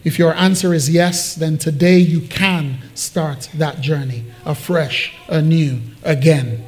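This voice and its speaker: A man's voice: a little high, steady tone, takes it slowly. A man preaching a sermon as pastor, emphatic and repetitive, addressing his congregation.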